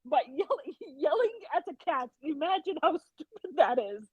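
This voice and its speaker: A woman's voice: sits high, normal speed, no room sound. A woman guest telling a story in a casual podcast chat, animatedly acting out what people said. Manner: animated retelling, acts out quotes. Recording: tinny phone-like remote call.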